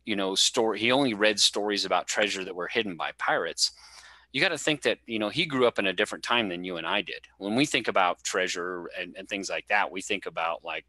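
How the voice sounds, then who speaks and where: Deep-voiced man hosting a late chat. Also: fairly quick, sharp tone, no echo, poor audio. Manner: rambling, many fillers and restarts. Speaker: podcast host. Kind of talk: casual late-night chat.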